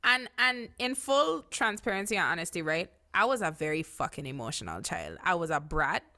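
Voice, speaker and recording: A woman's voice: on the low side, very animated, a little fast, pushed and bright. A woman co-hosting a podcast in casual chat, candid and blunt, swearing freely and leaning on fillers. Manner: candid, profane, filler-heavy. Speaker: podcast co-host.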